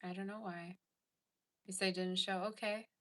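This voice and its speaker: A woman's voice: mid-range voice, steady tone, moderate pace, fairly bright tone. A woman hosting a casual tarot livestream, chatting and reading viewer comments aloud. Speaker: tarot reader and livestream host.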